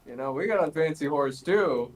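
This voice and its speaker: A man playing a tabletop game, bantering in a playful, quick way. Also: a little high, animated, darkish tone, soft background music. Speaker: player. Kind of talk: casual chat at a game table.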